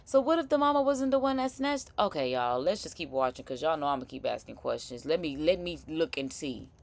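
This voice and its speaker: A woman with a New Orleans accent hosting a live stream, reacting to news clips in slangy, animated, casual chat. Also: low voice, a little fast. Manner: animated, chatty, slangy, laughing asides.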